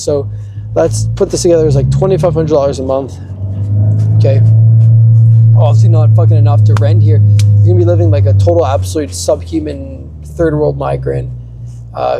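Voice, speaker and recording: A man's voice: a little high, gravelly. A young man in a rambling, profane rant, often restarting. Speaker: vlogger. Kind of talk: ranting monologue.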